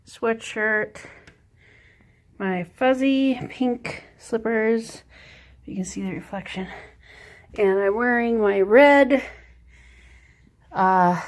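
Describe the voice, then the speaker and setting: A woman chatting casually through a home vlog, talking to her pets in a high baby voice now and then. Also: drawn-out words, long pauses. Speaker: vlogger. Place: house, indoors.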